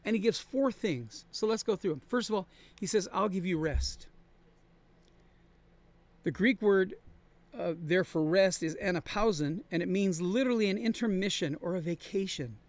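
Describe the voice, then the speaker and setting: A man's voice: sits high, normal speed. Man preaching an earnest Bible study. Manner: earnest, conversational preaching with emphatic repetition. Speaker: pastor. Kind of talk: sermon-style Bible study. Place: traveling, on the road.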